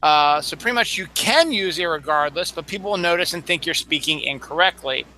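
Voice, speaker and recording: A man's voice: fairly high pitch, brisk, sharp tone, low-quality recording. A man explaining word usage in a chatty, casual talk. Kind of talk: casual pronunciation chat.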